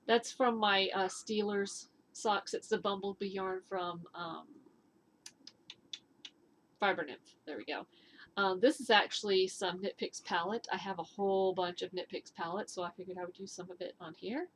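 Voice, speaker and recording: Chatty knitting lady vlogging from home, rambly, ums everywhere, normal pitch. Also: fairly even intonation, normal speed, a bit bright, slight background noise. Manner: rambling, with frequent fillers and restarts. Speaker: knitting and fitness vlog host. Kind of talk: casual chatty show-and-tell. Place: at home indoors.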